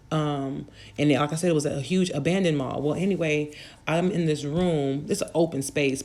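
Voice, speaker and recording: A woman's voice: low voice, darkish tone. A woman telling a personal story in a casual, rambling way, with many fillers and restarts. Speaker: channel host.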